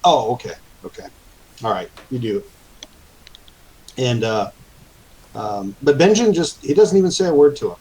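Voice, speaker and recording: A man running a tabletop game, narrating in a halting way full of fillers. His voice is husky and sits at an ordinary male pitch. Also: lively intonation, a little mellow, poor audio. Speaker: game master.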